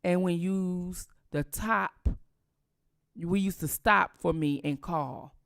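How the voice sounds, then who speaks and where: A woman's voice: low-pitched, gravelly, darkish tone, smooth, no echo, clean studio sound. A woman hosting a casual commentary show, recounting court testimony with blunt, sarcastic asides. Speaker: commentary channel host.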